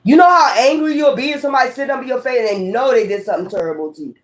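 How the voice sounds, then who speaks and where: A woman's voice: on the high side, racing. A woman tarot reader chatting casually and bluntly to her viewers, swearing freely and repeating herself for emphasis. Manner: repetitive, talks straight to viewers. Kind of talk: casual tarot reading chat.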